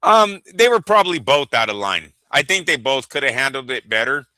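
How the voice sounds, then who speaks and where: A man's voice: medium pitch, very animated, a little fast, pushed and bright, no room sound, poor audio. A man co-hosting a boxing podcast, giving blunt, profane opinions in casual chat.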